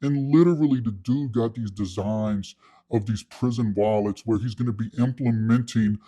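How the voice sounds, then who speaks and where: A man's voice: lowish voice, moderate pace, dark tone, breathy edge. Man rambling through a prison story. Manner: rambling, casual, lots of fillers and slang. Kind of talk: comedic storytelling.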